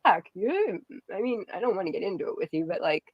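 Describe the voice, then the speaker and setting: A woman's voice: on the low side, sing-song, a little fast, husky, dry recording, dull audio. A woman in her forties talking in a rambling, tearful way on a livestream, full of fillers. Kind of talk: rambling personal livestream talk.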